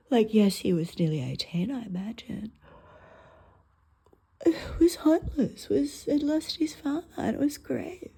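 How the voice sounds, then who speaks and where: A middle-aged woman with an Australian accent does stand-up, telling rambling stories and swearing freely, swinging between loud outbursts and murmured asides. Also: fairly high pitch, a little slow, gravelly, husky. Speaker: stand-up comic. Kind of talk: stand-up storytelling.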